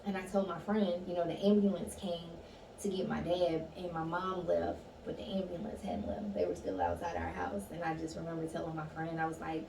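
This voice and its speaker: Woman guest, gravelly low-ish voice, candid storyteller, echoey room with noise, distant mic. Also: animated, a little fast. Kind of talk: casual conversation, personal story.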